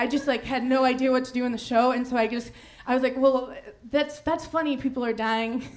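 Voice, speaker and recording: A high-voiced woman comedian tells a story on stage, giggly and rambling, poking fun at herself. A faint hiss sits under her voice. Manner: giggly, rambling, self-mocking. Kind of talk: live storytelling stand-up.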